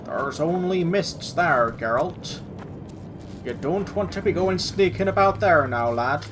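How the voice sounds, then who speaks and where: A man putting on a vague regional accent to play a gruff local man warning a stranger away. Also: a little high, animated, measured pace, noisy background, pitched above the performer's own voice. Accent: vague put-on regional accent.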